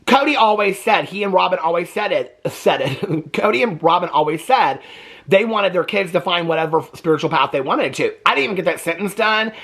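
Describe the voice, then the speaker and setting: Animated, gossipy male reaction host. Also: sits high, fairly quick, vocal fry. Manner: animated and gossipy, keeps asking "okay?"; laughs often while talking. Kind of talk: casual reality-TV reaction commentary.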